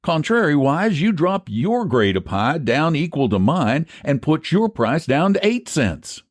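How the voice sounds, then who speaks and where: A man's voice: on the high side, sing-song, a little slow, no echo, clean studio sound, pitched above the performer's own voice. A man voicing a sly, scheming older rural pie seller with a rural American dialect and a folksy drawl. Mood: persuasive. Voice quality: folksy drawl, old-fashioned country grammar.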